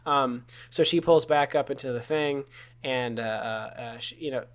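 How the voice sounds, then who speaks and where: A man co-hosting a podcast, retelling a film's plot in casual, profane, animated chat. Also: mid-range voice, moderate pace, clean tone. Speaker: podcast co-host. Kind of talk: casual movie recap chat.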